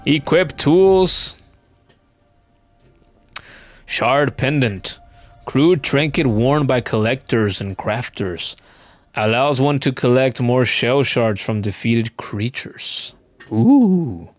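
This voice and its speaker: Male streamer, mid-pitched and casual, wry with chat, trips over his first words, faint music behind. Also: lively intonation, slow, pauses often, no room sound. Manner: playful, wry, talks to chat; repeats words when starting a thought. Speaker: game streamer. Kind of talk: casual live-stream gaming commentary.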